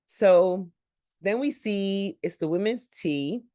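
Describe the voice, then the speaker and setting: A woman's voice: mid-range voice, animated, slow pace, a little mellow, no room sound, studio quality. A woman hosting a reaction channel, recapping a sitcom episode in a chatty, rambling way with laughing asides.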